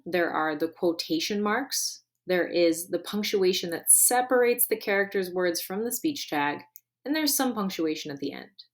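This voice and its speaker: A woman teacher giving a recorded grammar lesson, clear and deliberate, stressing key words. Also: mid-range voice.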